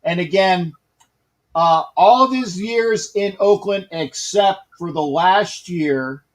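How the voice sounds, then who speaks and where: A man's voice: high voice, slow pace. A man co-hosting a casual sports podcast, rambling through stats and stories with lots of restarts. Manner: rambling, with many restarts and fillers. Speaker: podcast co-host.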